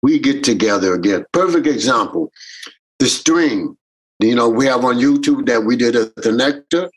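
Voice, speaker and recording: A Jamaican American man who fronts a reggae band tells animated stories in a casual interview, performing the voices of those he quotes. He has a medium-pitched, slightly rough voice at a moderate pace, heard on a low-quality recording.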